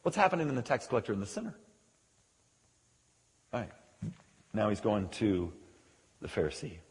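A man preaching a sermon, animated and joking, who often drops into quieter asides between scripture readings. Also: on the low side, normal speed. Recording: long echoey hall reverb.

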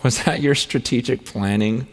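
Earnest preacher man in a reverberant hall. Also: medium pitch. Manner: earnest, halting restarts, builds to fervent pleading prayer. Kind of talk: sermon. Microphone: handheld or stand mic on stage.

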